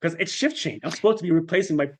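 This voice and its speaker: A man speaking as a guest on a podcast, telling a personal story in a reflective, halting way. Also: a little high. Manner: reflective and halting, with fillers and restarts.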